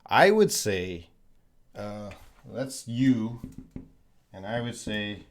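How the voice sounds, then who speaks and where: Speaking in a lowish voice, the Canadian English teacher responds to viewers' questions over a live stream. He patiently explains and goes back over words slowly for the benefit of learners.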